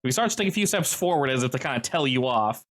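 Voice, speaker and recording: Male game master, lively delivery, chatty rule explanations. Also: medium pitch, fast talker. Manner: lively, explanatory, many fillers. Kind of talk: running a tabletop game over voice chat.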